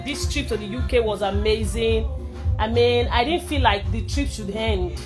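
A young Nigerian woman chatting excitedly to fans on a live video, slipping between English and Pidgin and bursting into shouts and laughter. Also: fairly high pitch, moderate pace, music in the background. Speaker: social media personality.

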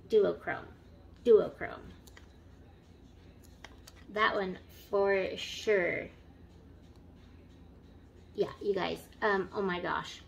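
A woman beauty vlogger in casual unboxing chat, gushing and excitable, who keeps talking straight to her viewers and drops into soft whispers when she admires something. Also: mid-range voice, a little hiss or hum.

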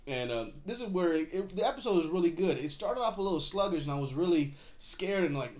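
A man's voice: a little high, lively intonation, fast talker. A man hosting a casual TV episode recap, laid-back and rambling, chuckling often as he talks. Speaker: show host.

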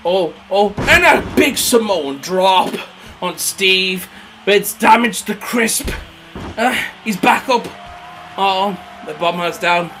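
A British man giving excitable, crude play-by-play of a mock wrestling battle, jumping between yelling and mumbling. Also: high-pitched, takes it slowly, over music. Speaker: comic wrestling commentator. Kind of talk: over-the-top play-by-play commentary.

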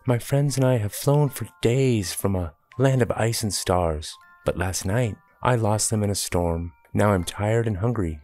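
A man reading a children's picture book aloud in a calm, even storytelling manner. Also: fairly low pitch.

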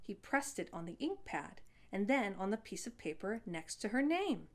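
A woman reading a children's story aloud as storyteller, with an expressive delivery. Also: mid-range voice, moderate pace.

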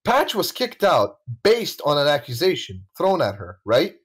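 A man's voice: fairly high pitch, wildly swooping pitch, unhurried, breathy edge, poor audio. A man hosting a voice call, talking bluntly and swearing, checking facts with the others as he goes. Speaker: channel host leading a voice call. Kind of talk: casual heated call chat. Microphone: voice chat call.

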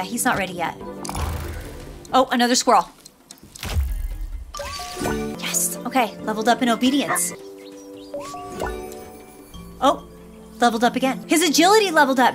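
A high-voiced woman talks over a cute pet game, her voice bouncing animatedly as she coos at the dogs in sweet baby talk. Cheerful game music plays clearly behind her. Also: lively intonation, fairly quick. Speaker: gaming YouTuber. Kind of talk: let's play commentary.

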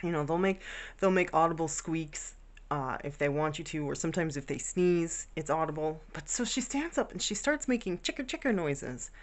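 A woman's voice: deep voice, lively intonation, moderate pace. Chatty woman telling pet stories. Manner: chatty and rambling, fond of her pets. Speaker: vlogger. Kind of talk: casual storytelling. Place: home bedroom.

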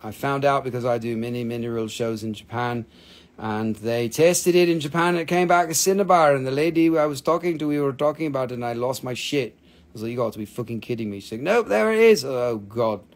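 On a casual live sales stream, a man sells minerals, joking, blunt and swearing freely with non-native phrasing. His voice is mid-range and brisk.

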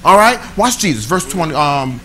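Lively, bright-voiced preaching man. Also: fairly high pitch, normal speed, rough recording. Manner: animated, conversational preaching with call-and-response. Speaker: pastor. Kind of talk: sermon. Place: church sanctuary.

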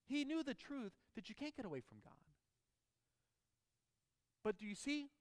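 A man's voice: extremely high pitch, sing-song, normal speed, in a large hall. A man preaching a sermon as pastor, emphatic and putting questions to the congregation.

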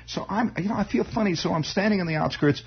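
A man telling a long story on the radio in an improvised monologue, rambling and halting, with many restarts. It is a 1960s radio broadcast. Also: sits high, vocal fry, breathy edge, lo-fi sound.

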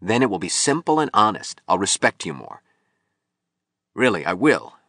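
A man's voice: on the low side, very animated, moderate pace, pushed and bright, no echo, clean studio sound, heavily acted. A man reading an audiobook, voicing a bitter, broken young male sculptor who pleads and turns suspicious. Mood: pleading.

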